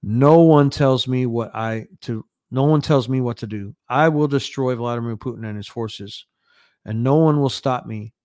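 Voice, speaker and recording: This is an arrogant young head of state, harsh and demanding, snapping out threats in a smooth, resonant voice, as a man reads his lines aloud. The sound is close and dry. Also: mid-range voice, normal speed, a little mellow, dry recording, natural voice. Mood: angry threatening. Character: young male national leader, arrogant and threatening.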